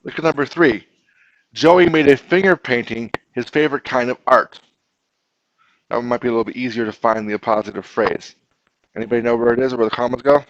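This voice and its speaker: A man's voice: mid-range voice, fairly quick, lo-fi sound. A man teaching a grammar lesson to a class, patiently explaining step by step and asking his students questions.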